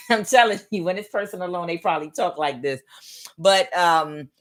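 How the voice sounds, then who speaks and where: A woman's voice: on the low side, moderate pace, a bit bright. A woman giving a live tarot reading, talking in a rambling, repetitive way and speaking straight to her viewers. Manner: rambling and repetitive, many restarts; addresses viewers directly. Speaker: tarot reader.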